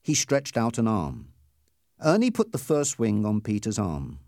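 A man's voice: fairly low pitch, huge pitch swings, darkish tone, no echo, studio quality. A man reading a story aloud as narrator, in scripted storybook narration. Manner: slow, clearly paced reading.

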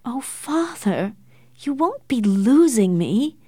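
A woman reading an audiobook, voicing an earnest, anxious young woman, a devoted daughter, who speaks in a soft, pleading way. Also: medium pitch, takes it slowly, no echo, clean studio sound, lightly acted.

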